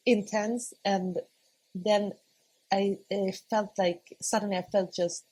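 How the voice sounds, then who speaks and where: A woman's voice: medium pitch, poor audio. A woman in her thirties, a podcast guest, telling a personal story in a conversational way, often laughing and acting out her own past words. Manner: laughs often, animated quoting of herself.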